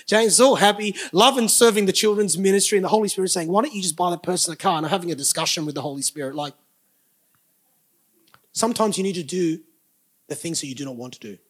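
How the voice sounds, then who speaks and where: A man's voice: high-pitched, gravelly. A man, preaching a sermon as pastor with emphatic bursts and joking asides to the congregation.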